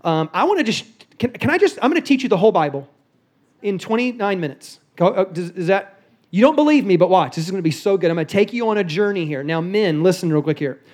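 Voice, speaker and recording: A man's voice: high-pitched, lively intonation, quick pace, a little mellow. A middle-aged man preaching as a guest pastor in a church, joking and conversational, on a stage microphone. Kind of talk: sermon. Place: church sanctuary.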